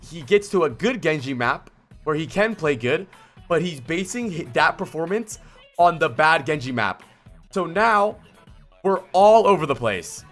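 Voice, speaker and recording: Blunt, bright-voiced man reviewing gameplay. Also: fairly high pitch. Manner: blunt, exasperated, swears and shouts at the player. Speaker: streamer doing vod reviews. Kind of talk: livestream game vod review.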